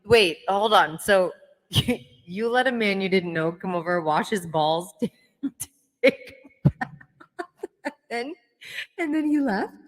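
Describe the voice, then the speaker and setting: Host tossing in blunt crude jokes and questions, mid-pitched, echoey room. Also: expressive, slow, pauses often, a bit bright. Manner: blunt, joking interjections. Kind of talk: casual podcast chat.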